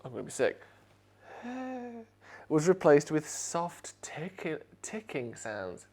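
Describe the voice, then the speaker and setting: Animated joking man hosting a livestream. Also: fairly high pitch, slow. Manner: animated, jokey, rising to near shouts when outraged. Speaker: live stream host. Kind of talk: casual live stream chat.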